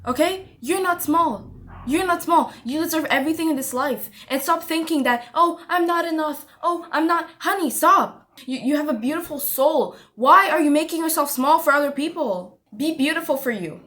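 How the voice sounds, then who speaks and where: A woman's voice: high-pitched, expressive, normal speed, a bit bright. A woman vlogger giving an emphatic motivational pep talk to camera, repeating her points and calling the listener honey.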